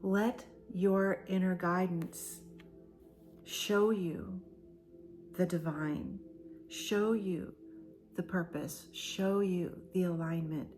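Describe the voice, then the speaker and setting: A woman reads oracle cards for a collective audience, speaking at a very unhurried pace and leaning on repeated, emphatic phrases. Her voice sits a little low and often drops into a soft, breathy near-whisper, with quiet music playing underneath. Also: steady tone. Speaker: spiritual oracle card reader. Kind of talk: channeled collective oracle card reading.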